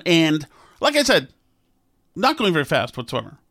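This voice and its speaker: Animated man telling a story. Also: fairly high pitch, moderate pace. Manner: animated, acting out quotes, self-deprecating. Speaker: podcast host. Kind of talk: casual storytelling.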